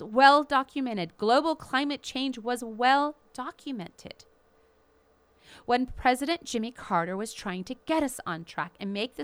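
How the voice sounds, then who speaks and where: A woman hosting a show, delivering an impassioned, indignant commentary with emphatic, drawn-out stresses. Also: fairly high pitch, sharp tone, dry recording. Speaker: radio show host.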